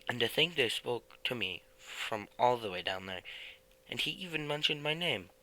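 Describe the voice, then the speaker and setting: A man voicing an eager, dreamy middle-aged house painter in a read-aloud storybook, lively and animated. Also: mid-range voice, moderate pace, voice pushed up, rough recording.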